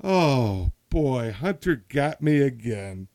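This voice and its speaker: A man's voice: medium pitch, big pitch swings, slow pace, a little mellow, no echo. A man doing a bemused old father. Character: elderly father, doting and easily fooled.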